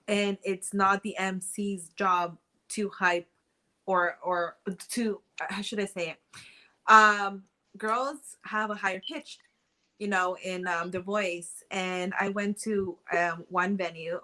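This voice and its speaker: A woman's voice: medium pitch, sharp tone. A woman co-hosting a casual show, speaking hesitantly with many ums as she tells an anecdote. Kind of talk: casual talk show chat.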